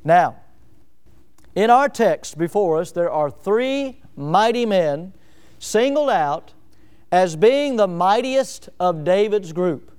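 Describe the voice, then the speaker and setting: A man's voice: high-pitched, lively intonation, slow, darkish tone, clean tone. Man, pastor, sermon, rhetorical questions, emphatic. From Northwest Florida.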